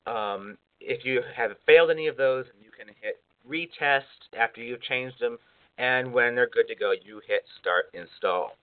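A man explains a software installation in a loose, conversational way, often pausing with fillers and correcting himself mid-sentence. His voice sits at an ordinary pitch. The sound is narrow and phone-like. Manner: informal, rambling with fillers and self-corrections. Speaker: software tutorial presenter. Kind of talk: casual screencast walkthrough.

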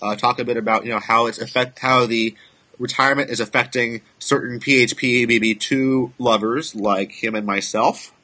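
A man co-hosting a casual tech podcast, chatty and quick to laugh, with loose restarts. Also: medium pitch, steady tone, bright, forceful tone. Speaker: podcast co-host.

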